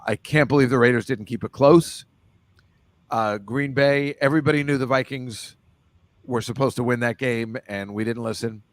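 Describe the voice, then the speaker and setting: A man's voice: mid-range voice, steady tone, normal speed, dry recording. A man hosting a casual football picks chat over a video call, rambling loosely and laughing often. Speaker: host.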